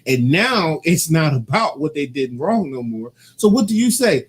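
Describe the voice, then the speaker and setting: Animated, teasing man arguing his point. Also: fairly high pitch, normal speed. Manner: animated, argumentative and teasing, quoting people in changed voices. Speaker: co-host. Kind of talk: casual couple debate.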